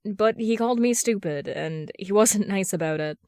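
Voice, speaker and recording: A woman's voice: medium pitch, moderate pace, darkish tone, smooth, dry recording, studio quality, lightly acted. A woman voicing an upset young woman vigilante in a fan audiobook, talking in a rambling, plain way. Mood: hurt.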